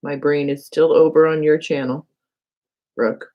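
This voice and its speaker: A woman's voice: sits low, unhurried, highs cut off. A woman hosting a casual live crafting demo, chatty and self-mocking, thinking aloud while she works and talking to viewers. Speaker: crafting channel host. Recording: steady background noise with clicks.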